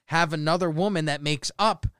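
Brash, bright-voiced teasing man. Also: on the high side, moderate pace, smooth, dry recording, studio quality. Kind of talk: casual podcast banter.

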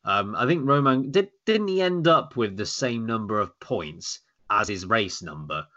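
A man's voice: lowish voice, animated, measured pace, sharp tone, dull audio. A man hosting a podcast, chatting casually in a wry, joking way. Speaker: podcast host. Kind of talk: casual chat.

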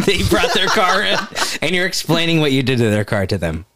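Woman, casual co-host, animated pitch, playful prompter. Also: a little fast. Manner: lively, prompting with prompts and laughter. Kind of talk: casual chat.

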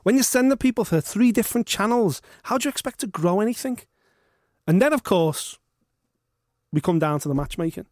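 A man hosting a podcast, ranting in animated, sweary casual chat. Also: high-pitched, a little fast, dry recording, studio quality. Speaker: podcast host.

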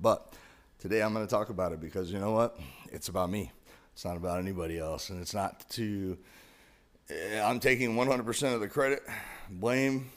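A man in his forties hosting a podcast, giving an emotional, confessional monologue about his past that builds to intense emphasis. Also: low voice. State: emotional, broken up. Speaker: podcast host.

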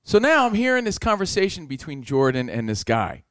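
A man's voice: on the high side, a little fast, clean tone, no room sound, studio quality. A man telling a long story in casual chat, acting out the people in it and swearing freely. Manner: animated, acts out voices, swears.

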